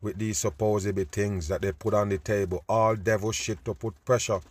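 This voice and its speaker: A man giving a loud, preachy, profane rant over news clips, repeatedly addressing his listeners as people. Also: fairly low pitch, steady tone, normal speed, no echo. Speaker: host.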